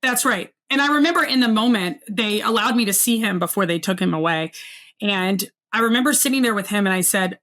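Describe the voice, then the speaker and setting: A woman's voice: medium pitch, fairly bright tone. Earnest woman telling a personal story. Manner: earnest, reflective, slows down at painful moments. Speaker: guest. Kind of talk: personal storytelling in a podcast interview.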